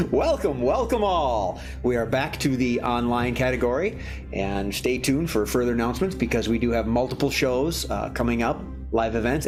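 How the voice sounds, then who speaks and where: A man hosting a live improv comedy show, rambling and joking with lots of restarts. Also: medium pitch. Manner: rambling, jokey, many restarts. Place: warm indoor studio.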